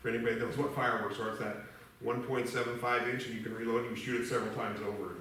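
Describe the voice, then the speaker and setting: A man's voice: medium pitch, flat delivery, very fast, fairly bright tone, far from the mic, slight background noise. A middle-aged man telling a rambling, folksy story at a memorial service, laughing as he goes. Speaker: eulogy speaker. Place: church hall. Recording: echoey church hall from afar.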